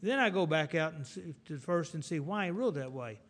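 Guy giving a folksy sermon, kinda high voice, tells it like a story. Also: fairly quick. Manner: animated storytelling, folksy asides. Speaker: preacher.

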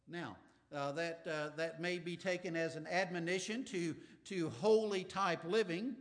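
High-voiced man preaching earnestly. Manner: earnest, drawn-out emphasis with frequent "right?" asides; restarts and stammers, light sarcastic teasing. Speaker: pastor. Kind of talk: sermon.

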